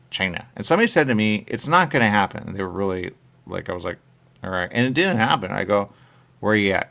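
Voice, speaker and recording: Gravelly low-voiced rambling radio host, a man. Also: a bit bright. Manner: rambling, repeats "there you go", quotes people in little voices. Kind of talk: rambling casual talk radio chat. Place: radio studio.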